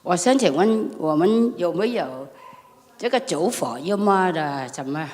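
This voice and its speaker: A woman's voice: fairly low pitch, lively intonation, a little slow, darkish tone. A woman in a meditation class asking her teacher a question, recounting a personal experience in a rambling, repetitive way. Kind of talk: emotional personal account. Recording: long hall reverb.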